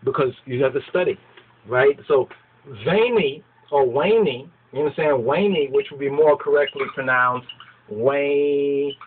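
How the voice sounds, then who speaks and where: A man's voice: mid-range voice, steady tone, brisk, breathy edge. A man giving an informal lecture who keeps checking in with his listeners, often asking "right?" and "you understand?". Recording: tinny phone-like sound.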